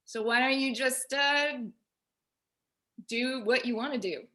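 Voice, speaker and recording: A woman on a video call at home, telling a personal story in an animated way and quoting herself and others. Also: a little high, a little slow, long pauses. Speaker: featured artist guest. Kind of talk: casual video call discussion.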